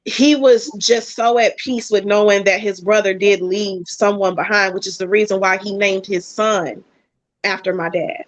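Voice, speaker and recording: A woman guest chatting casually, telling a personal story in animated bursts. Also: mid-range voice, moderate pace, no echo. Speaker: podcast guest. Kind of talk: casual chat. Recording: dull, dry lo-fi sound.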